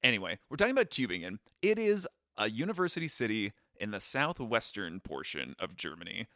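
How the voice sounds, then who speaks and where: A man's voice: fairly low pitch, big pitch swings, a little fast, sharp tone, no room sound, studio quality. A man co-hosting a podcast in casual chat, joking and self-deprecating. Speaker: podcast co-host.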